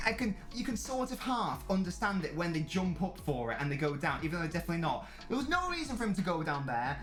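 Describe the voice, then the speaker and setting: A man's voice: sits high, very animated, fast talker, few pauses, fairly bright tone, faint music behind. A man, a streamer angrily commentating a live match and swearing a lot. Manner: angry ranting, heavy swearing. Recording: echoey room.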